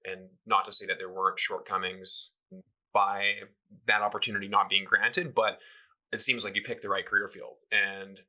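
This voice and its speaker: A man's voice: lowish voice, level tone, normal speed, sharp tone, poor audio. A man hosting a podcast, asking long, rambling, hesitant questions. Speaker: podcast host. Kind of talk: interview questions.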